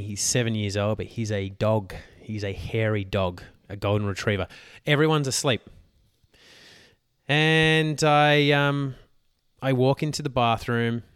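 A man's voice: fairly low pitch, a bit bright, clear, resonant tone. An Australian man in his thirties hosting a podcast, chatting casually and animatedly, with filler words and playful asides. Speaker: podcast host.

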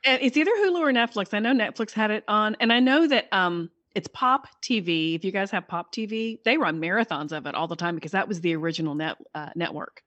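A woman's voice: medium pitch, brisk, hardly any pauses, a bit bright, no room sound, muffled recording. A middle-aged woman, a guest author, chatting enthusiastically and rambling on a casual podcast. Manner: enthusiastic, rambling, many restarts.

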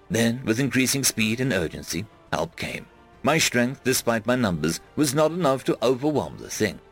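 Expressive male audiobook narrator. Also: mid-range voice. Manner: dramatic, expressive storytelling. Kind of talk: first-person fantasy audiobook narration.

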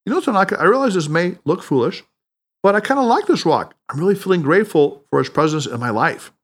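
A man's voice: high-pitched, expressive, fast, voice pushed up. A man reading a doubtful, defensive skeptic. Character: skeptical adult male doctor. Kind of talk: audiobook character reading.

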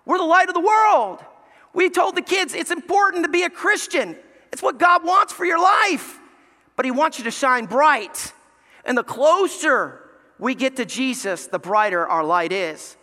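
A male pastor preaching a sermon, telling stories with animated, self-mocking humor. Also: high voice. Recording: reverberant hall.

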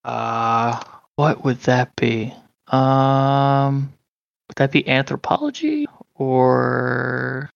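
A man narrating a tabletop game as game master, halting and full of fillers. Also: medium pitch, animated, creaky, clean tone, no room sound, lo-fi sound.

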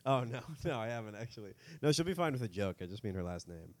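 A man co-hosting a podcast, telling a rambling story in casual chat, laughing often and dropping into quick mock voices. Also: fairly low pitch, big pitch swings, no room sound. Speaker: podcast co-host.

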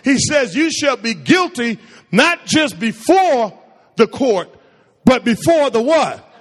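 A man's voice: very high-pitched, very animated, takes it slowly, long reverb tail. A man preaching a sermon to a congregation, firing questions at them and drawing call-and-response replies. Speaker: pastor.

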